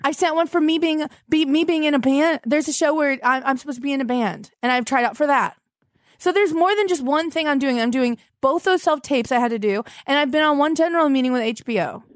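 A woman's voice: sits high, no echo, studio quality. A young woman hosting a comedy podcast, overwrought and flipping moods in a flash as she calls people on the phone. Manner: dramatic, overwrought, quick mood flips.

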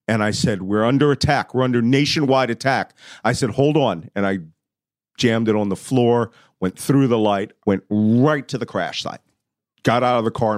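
A middle-aged man telling a vivid personal story, shouting when he acts out moments. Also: fairly low pitch, dry recording, clean studio sound. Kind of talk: animated storytelling.

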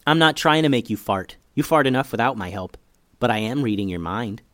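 A man's voice: animated, brisk, fairly bright tone, lightly acted. A man voicing a confident, teasing little girl in a storytelling podcast. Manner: high, teasing and sure of herself.

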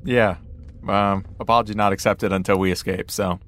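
A player in a tabletop role-playing game, talking in a sarcastic, deadpan way. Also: sits low, moderate pace.

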